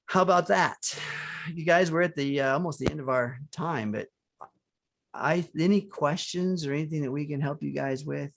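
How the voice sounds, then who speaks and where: A man's voice: medium pitch, vocal fry. A man co-hosting a live online talk, speaking earnestly and motivationally about surrender and focusing on joy. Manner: earnest, motivational, with restarts and chuckles. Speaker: co-host. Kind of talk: spiritual coaching talk.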